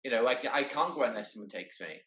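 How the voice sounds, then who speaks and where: Earnest man, halting and roomy. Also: mid-range voice, lively intonation, a bit bright. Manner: earnest, halting, repeats words often. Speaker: guest, wheelchair marathon entrant. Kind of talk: casual conversation. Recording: roomy, dull lo-fi sound.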